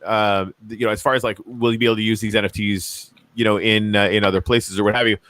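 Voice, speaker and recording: A young adult man co-hosting a casual show, talking with excitement and lots of fillers. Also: fairly low pitch, quick pace, no echo. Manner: enthusiastic, rambling with many fillers. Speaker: co-host. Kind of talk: casual podcast chat.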